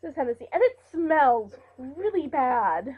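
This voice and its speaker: A woman's voice: high-pitched, very animated, a little slow, noisy background. A young woman chatting casually in a vlog, playful and giggly, teasing her cousin. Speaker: vlogger. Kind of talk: casual chat. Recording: dull lo-fi webcam audio.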